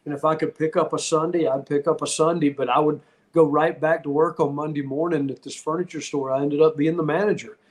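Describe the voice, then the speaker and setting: Middle-aged man, podcast guest; candid, rambling storyteller with a slightly high voice. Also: fairly even intonation, brisk. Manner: candid, rambling, heartfelt, with frequent restarts. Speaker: podcast guest, retired wrestler. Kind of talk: casual interview storytelling.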